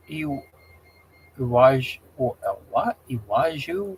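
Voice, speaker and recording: Male streamer, casual chat, mid-range pitch, rambling, easily exasperated. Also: extremely slow, pauses often, a little hiss or hum. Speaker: livestream host.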